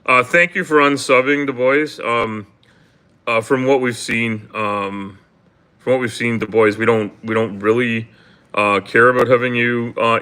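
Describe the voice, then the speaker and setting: A man's voice: medium pitch, sharp tone. A Canadian man with a mid-range voice talks casually to his livestream chat. He rambles, stops and restarts, fills gaps with ums, and swears bluntly without fuss. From Canada, grew up in Toronto. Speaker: livestream host.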